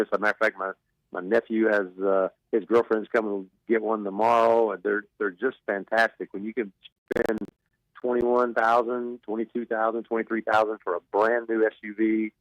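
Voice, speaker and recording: Car dealer guest, lowish voice, dry sound, keen sales talk. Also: male voice, level tone, a little fast, no echo, poor audio. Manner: enthusiastic, filler-heavy, repeats himself. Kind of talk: sales pitch on radio.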